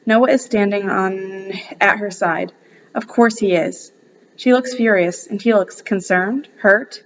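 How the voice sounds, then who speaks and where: A woman's voice: medium pitch, measured pace, highs cut off, slight background noise. A woman reading a first-person novel aloud, casual and breaking off now and then for asides. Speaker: audiobook reader.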